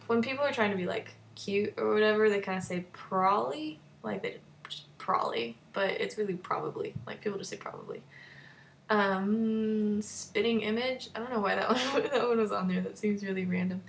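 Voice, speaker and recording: This young woman from North Texas speaks with a medium-pitched voice at normal speed, her intonation fairly even. She's a vlogger chatting casually, giggling and filling her talk with lots of "likes" and other fillers. There's slight background noise.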